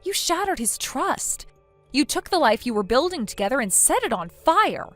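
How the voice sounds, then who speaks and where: A woman voicing a blunt female friend who lectures a cheater in a text story, in a somewhat high voice. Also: sing-song, normal speed, a bit bright, faint music behind. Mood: stern.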